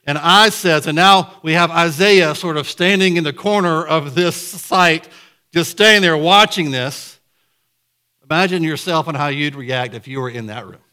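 A man preaching a conversational sermon to a church congregation, lively, with sudden loud bursts. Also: a little high, moderate pace, clean tone. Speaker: pastor. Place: church sanctuary.

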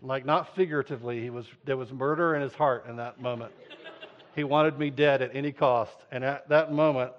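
A man preaching a sermon, telling a story in an animated way and acting out voices. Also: mid-range voice, a little fast. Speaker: pastor. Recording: dull lo-fi sound.

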